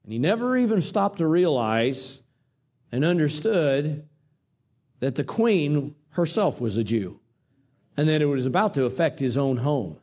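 A man preaching a sermon, retelling a Bible story with animated asides and repeated words. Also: fairly high pitch, measured pace, husky.

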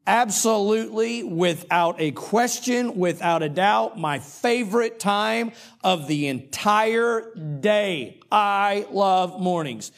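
A middle-aged male pastor preaching a sermon in a folksy, humorous way, with dramatic pauses. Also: sits high, expressive, gravelly.

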